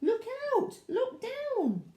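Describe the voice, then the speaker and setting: A woman voicing a gentle young dinosaur boy in a storybook reading, with a high, excited cry, in a roomy space. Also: unhurried, vocal fry, heavily acted. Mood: alarmed. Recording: roomy echo.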